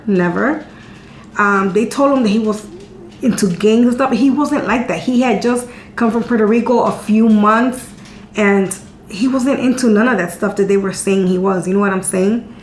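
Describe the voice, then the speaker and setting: A woman's voice: medium pitch, normal speed. Woman in her 30s vlogging, chatty and open, repeats herself a lot, room echo. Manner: chatty and candid, repeating words as she talks. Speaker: vlogger answering viewer questions. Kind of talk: casual storytelling chat. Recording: echoey room with faint hum.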